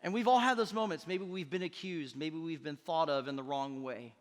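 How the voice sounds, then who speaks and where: High-voiced pastor preaching in an echoing hall. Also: male voice, a little fast. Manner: energetic and conversational, with playful asides to the congregation. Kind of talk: sermon. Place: church auditorium.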